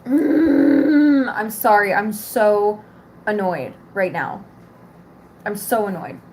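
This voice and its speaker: A woman's voice: medium pitch, slow, a little hiss or hum. A young woman vlogger ranting casually to camera, exasperated, swearing and rambling.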